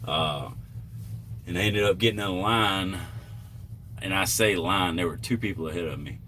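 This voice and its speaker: A man's voice: deep voice, moderate pace, bright, forceful tone, slight background noise. A man who drives trucks, telling a story in a casual vlog, rambling with fillers and self-corrections.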